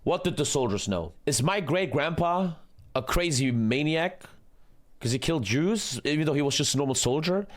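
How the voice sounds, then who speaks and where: A man's voice: on the high side, expressive, normal speed. A man reacting to a history documentary in casual, blunt talk, swearing often and speaking earnestly about what he sees. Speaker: streamer reacting to a history video.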